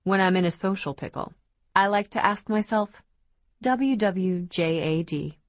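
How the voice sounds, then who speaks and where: A woman's voice: medium pitch, measured pace, dry recording, natural voice. A woman reading as a wry, drawling teenage boy. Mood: teasing. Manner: dry, drawling, blithe.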